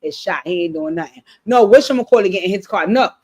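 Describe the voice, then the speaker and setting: A woman recapping a TV episode on a livestream, telling it in casual, animated, profane style and acting out the characters' lines. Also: fairly low pitch, fast, husky. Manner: animated, profane storytelling with acted-out quotes. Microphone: streaming setup mic.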